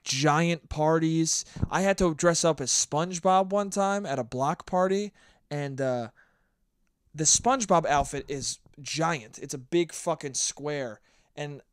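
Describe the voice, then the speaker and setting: Solo podcast host, male, fairly high voice, profane and rambling storyteller, dry close-mic read. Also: clean tone, dry recording.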